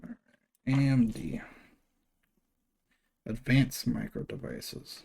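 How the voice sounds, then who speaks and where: A man's voice: mid-range voice, drawn-out words, gravelly, mellow, breathy edge. A man hosting his own channel, talking through a screen share in a loose, rambling way with many fillers and restarts. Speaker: channel host. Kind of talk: casual screen-share walkthrough.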